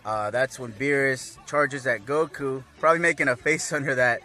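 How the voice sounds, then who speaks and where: A man's voice: medium pitch, normal speed. A man casually recapping an anime episode, rambling with lots of fillers. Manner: rambling, filler-heavy, animated.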